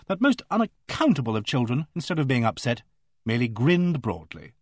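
A man's voice: mid-range voice, sing-song, fairly quick, no room sound. A man reading a novel aloud in first person, with dry, wry storytelling, close to the mic. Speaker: audiobook narrator. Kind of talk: scripted narration.

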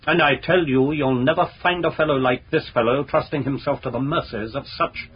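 An actor as a blustering, pompous lawyer full of scorn, holding forth at length. The voice comes over a muffled old radio broadcast with a faint hiss underneath. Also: male voice, medium pitch, a little fast, close to an everyday voice. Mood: scornful. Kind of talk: radio drama acting.

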